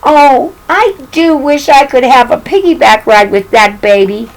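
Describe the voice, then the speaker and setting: A woman voicing a sweet, dreamy female pig who keeps making gentle, longing wishes in a storybook. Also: high voice, lively intonation, a little slow, pitched above the performer's own voice, rough recording. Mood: wishful.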